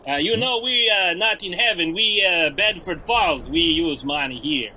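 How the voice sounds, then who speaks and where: A man playing a despairing, broke man in a crude comedic script read-through, halting and full of hesitations. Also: high voice, sharp tone, a little hiss or hum, exaggerated voice, poor audio. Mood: joking. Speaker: player reading a script aloud.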